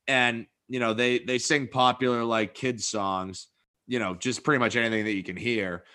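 A man's voice: medium pitch, fairly even intonation, normal speed, pushed and bright. A man co-hosting a podcast, chatting in an easygoing, rambling way with an occasional swear. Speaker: podcast co-host. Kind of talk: casual chat.

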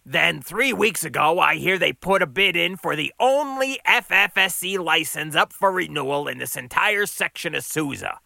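A man voicing a gruff, gravelly older male diner owner who needles his staff. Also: fairly high pitch, lively intonation, normal speed, hardly any pauses, sharp tone, dry recording, pitched above the performer's own voice, exaggerated voice. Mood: bitter. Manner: needling, bossy. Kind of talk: audiobook character voice.

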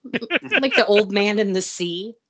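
A female podcast co-host in casual conversation. She mostly offers brief agreements and dry one-liners, and her pitch moves in a lively way. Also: slow. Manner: short interjections and dry quips. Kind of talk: casual chat.

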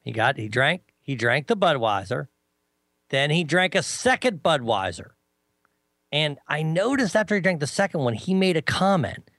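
A man chatting casually as a co-host, telling a lively story and mimicking others in a high voice. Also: normal speed, no echo. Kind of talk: casual chat.

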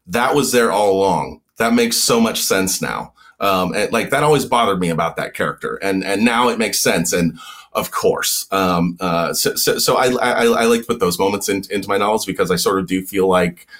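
A man who is a guest author in a casual podcast chat, talking in halting bursts with many repeated words and restarts. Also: deep voice, fairly bright tone.

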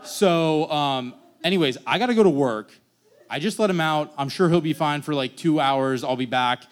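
A man's voice: fairly high pitch, normal speed, clean tone. A young man telling a casual, rambling personal story on stage, acting out the people in it. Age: young adult. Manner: casual rambling, acts out quoted voices.

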